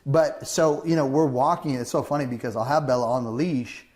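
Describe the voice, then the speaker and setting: A man from Southern California hosts a casual chat in a mid-range, steady, slightly mellow voice, talking a little fast. He rambles, restarts often, and acts out what other people say.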